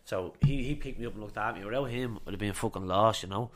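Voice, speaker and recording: Fast-talking young Irish man. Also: on the low side. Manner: rapid, chatty, swears freely, repeats itself. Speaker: boxer interviewee. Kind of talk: casual chat, storytelling.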